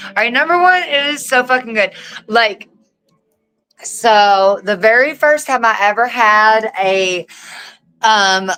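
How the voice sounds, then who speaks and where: A woman's voice: medium pitch, bright, forceful tone, clear, resonant tone, rough recording. A woman with a Southern US accent, a wrestling guest telling stories in a chatty, self-mocking way, swearing freely. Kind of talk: casual chat.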